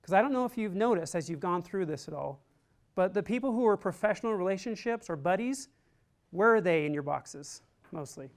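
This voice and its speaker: With a high-pitched, expressive voice and a fairly quick pace, a male army resilience trainer tells a personal story during a classroom lecture. He's chatty and informal, leans hard on "like," and sounds earnest and encouraging.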